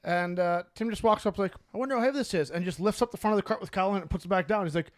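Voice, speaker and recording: A man with a notably high voice for his sex co-hosts a podcast. He talks in loose, crude banter and tells stories with plenty of laughter. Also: steady tone, racing. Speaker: podcast co-host. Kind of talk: casual chat.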